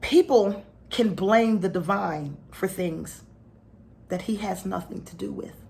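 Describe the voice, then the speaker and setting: A woman's voice: mid-range voice, slow pace, creaky, a little mellow, slight background noise. A middle-aged woman telling a personal story to her spiritual followers, dropping to a near whisper at heavy moments. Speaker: spiritual teacher.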